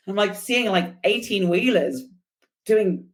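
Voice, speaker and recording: A woman guest on a podcast, telling a personal story in an animated, chatty way with laughs and fillers. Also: low-pitched, moderate pace. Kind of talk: casual storytelling interview.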